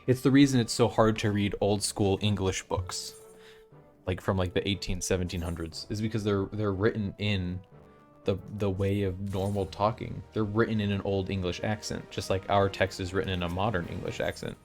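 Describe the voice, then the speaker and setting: Young male streamer, slightly low voice, opinionated rambling, game music in the background. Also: steady tone, normal speed, a little mellow. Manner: chatty, opinionated, rambling with restarts. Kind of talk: casual live-stream chat while playing.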